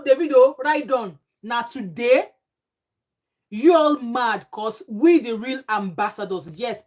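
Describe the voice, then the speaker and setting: A Nigerian woman vlogger giving emphatic, indignant casual commentary with pidgin phrases. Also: on the low side. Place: home abroad.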